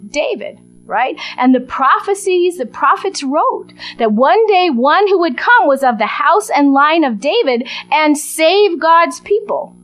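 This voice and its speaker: A woman preaching a sermon, telling a gospel story in a lively way and acting out the voices of the crowd. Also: high voice, poor audio.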